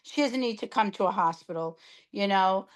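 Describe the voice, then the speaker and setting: An older woman telling a long personal story in casual podcast chat, animated and exasperated. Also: mid-range voice, normal speed. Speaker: podcast co-host sharing her cancer treatment.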